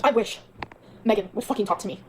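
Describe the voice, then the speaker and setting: A woman's voice: mid-range voice, fast, darkish tone, slight background noise. A woman streamer venting in a bitter, profane rant. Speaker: streamer in a played clip. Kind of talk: angry livestream rant.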